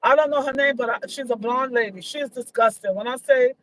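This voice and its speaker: A woman's voice: high voice, fairly quick, fairly bright tone, a little hiss or hum, low-quality recording. A woman giving her opinions in a casual vlog, emphatic and repetitive, her voice leaping up when she gets indignant. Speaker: vlogger.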